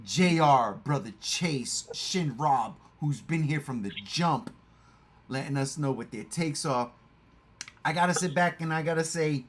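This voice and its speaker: A man's voice: a little high, expressive, a little slow, fairly bright tone. A man hosting a casual livestream chat, boastful, repeating himself and swearing freely. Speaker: livestream host.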